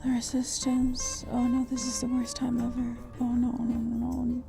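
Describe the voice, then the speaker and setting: Gravelly-voiced woman reacting to a book. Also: high-pitched, level tone, normal speed, hardly any pauses, warm tone, faint music behind. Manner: emotional, exclaiming and swearing at plot twists; rambling, thinks aloud with many fillers. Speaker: book vlogger. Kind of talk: casual reading reaction vlog.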